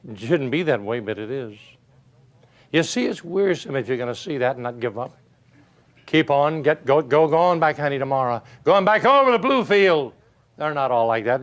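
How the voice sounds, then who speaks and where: An older man giving a motivational speech, telling folksy stories and asking his audience rhetorical questions. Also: medium pitch. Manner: animated, folksy storytelling with rhetorical questions and chuckles. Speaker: motivational speaker.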